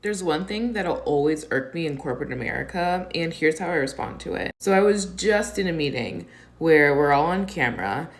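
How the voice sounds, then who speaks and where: Woman, deep voice, storytime delivery, dry and composed. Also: expressive. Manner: measured, dry, matter-of-fact. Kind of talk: storytime vlog.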